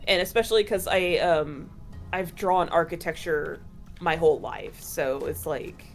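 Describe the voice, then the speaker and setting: A woman's voice: low voice, unhurried, soft background music. A woman a little tipsy, chatting loosely on a stream and swearing casually.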